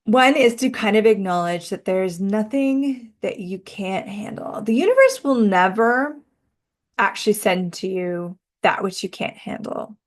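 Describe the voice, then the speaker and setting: A woman hosting a self-help podcast, talking reflectively in a casual, musing way, often slowing down and drawing out words. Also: medium pitch, lively intonation. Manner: musing, conversational, uses "like" a lot. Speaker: podcast host and energy coach.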